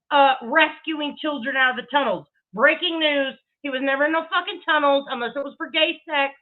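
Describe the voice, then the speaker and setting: Woman ranting profanely, high-pitched, tinny phone-like audio. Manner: profane, emphatic, laughing asides. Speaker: commentary streamer. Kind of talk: heated commentary rant.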